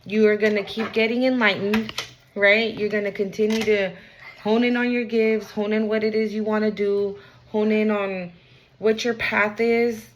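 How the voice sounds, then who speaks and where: A woman's voice: mid-range voice, level tone, normal speed, a little hiss or hum, rough recording. Frank streetwise woman giving a reading. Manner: frank, repetitive, streetwise slang. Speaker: tarot reader. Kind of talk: casual spiritual reading.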